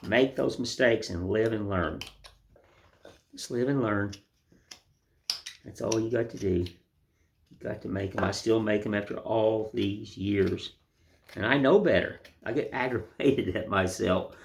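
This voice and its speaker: An older man with a lowish, creaky voice gives a casual, rambling woodcarving lesson. He's a woodcarving instructor doing a hands-on demonstration in a folksy, self-deprecating manner.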